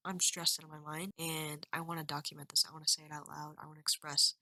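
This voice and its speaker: A woman's voice: deep voice, level tone, quick pace, sharp tone, no room sound, low-quality recording. A woman in her twenties talking candidly into a webcam at home, rambling and emotional in a confessional vlog. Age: 20s. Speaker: vlogger.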